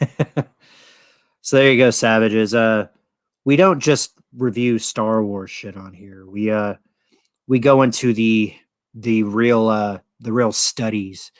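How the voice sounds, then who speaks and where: A man's voice: fairly low pitch, no echo. A middle-aged man hosting a casual live stream, rambling and jokey with crude language. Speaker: host.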